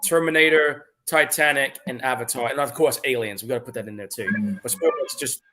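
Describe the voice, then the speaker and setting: A man's voice: mid-range voice, fairly quick, pushed and bright. A man co-hosting a movie watch-along podcast in casual chat, frank and profane. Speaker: podcast co-host.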